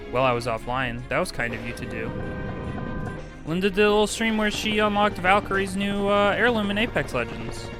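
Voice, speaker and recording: A young man chatting casually with his viewers while he livestreams a game, greeting people by name and talking in an animated way. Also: fairly high pitch. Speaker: streamer. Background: game music.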